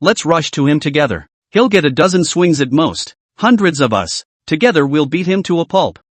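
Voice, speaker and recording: A man's voice: fairly high pitch, big pitch swings, normal speed, dry recording. A man voicing a brash male kobold leader rallying a mob, in a rousing, urgent manner.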